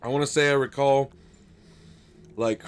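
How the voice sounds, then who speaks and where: A man's voice: medium pitch, a little slow, smooth. A man streaming a card game live, chatting casually with his viewers and swearing freely as he plays. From United States. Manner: excitable, swears a lot, chats with viewers by name. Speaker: gaming streamer. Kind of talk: casual live-stream chat while playing.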